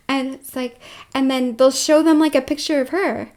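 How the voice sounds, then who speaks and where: A woman with a high voice talks straight to the camera in a loose, rambling monologue. She fills her talk with fillers and swings between loud stretches and hushed ones. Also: steady tone, moderate pace. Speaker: vlogger.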